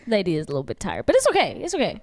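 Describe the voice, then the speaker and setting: A woman's voice: medium pitch, huge pitch swings, racing. A woman co-hosting a podcast in casual chat, laughing often and talking in slang. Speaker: podcast co-host.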